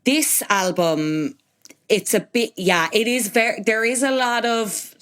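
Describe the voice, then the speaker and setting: A woman's voice: fairly high pitch, a little slow, a bit bright. A woman hosting a podcast, chatty and opinionated, talking in long run-on sentences. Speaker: podcast host. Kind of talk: casual podcast chat.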